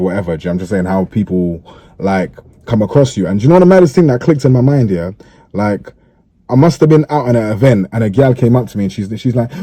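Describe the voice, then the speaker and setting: Man, very dark voice, dry sound, casual interview talk, slang-heavy. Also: fairly low pitch, dry recording. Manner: laid-back, peppers speech with slang and "you get me" checks. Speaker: interviewee in a played clip.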